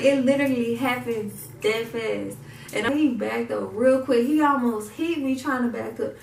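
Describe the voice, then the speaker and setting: A woman's voice: on the high side, creaky, distant mic. A young woman telling a personal story, acting out what people said. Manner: animated retelling, acts out quotes. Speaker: vlogger. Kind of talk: casual storytime. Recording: echoey room, mic set back.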